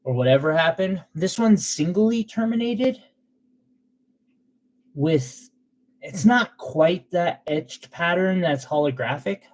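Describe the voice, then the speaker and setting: A man's voice: sits high, lively intonation, takes it slowly. Chatty man selling gems on a stream. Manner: chatty and sentimental, with loose fillers. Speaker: gemstone seller on a live sale stream. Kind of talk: casual live sales chat.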